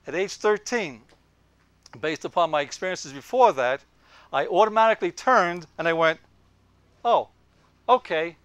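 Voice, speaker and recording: A man's voice: a little high, a bit bright, clear, resonant tone, no echo. A man, giving an anecdotal lecture to a group. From Brooklyn, New York. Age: 70s. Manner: anecdotal, leans in on quoted lines. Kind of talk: storytelling lecture.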